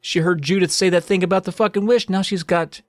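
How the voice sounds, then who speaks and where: A man co-hosting a podcast, reading a book aloud and riffing on it in a wry, swearing, animated way. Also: high voice, a little fast, no room sound, studio quality. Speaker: podcast co-host.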